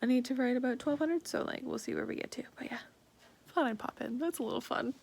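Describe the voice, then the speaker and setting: A woman's voice: high-pitched, fast talker, creaky, a little mellow, slight background noise. A woman with a Canadian accent chatting casually to camera as a book vlogger, giggly and full of likes and ums.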